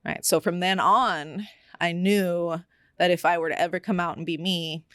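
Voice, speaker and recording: A lower-voiced young woman tells a candid personal story, unhurried and reflective and full of fillers. She is recorded close up in a dry, dead room. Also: steady tone, a bit bright, clear, resonant tone, dry recording.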